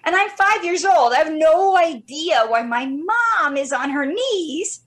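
High-voiced woman in her 50s, guest on an interview, super animated storytelling, speeds up and slows down a lot. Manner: animated and expressive, shifting pace often. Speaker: guest speaker.

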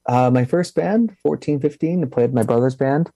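A young man, a musician answering interview questions in a halting way, with restarts and a slight lisp. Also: medium pitch, vocal fry, warm tone, no room sound. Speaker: musician guest.

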